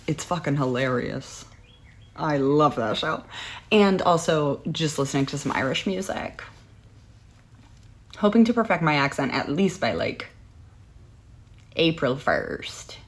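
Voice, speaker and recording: A young woman talks in a casual comedic vlog, sarcastic and playful. Her voice sits on the low side for a woman. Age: young adult. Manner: sarcastic, joking, laughs often.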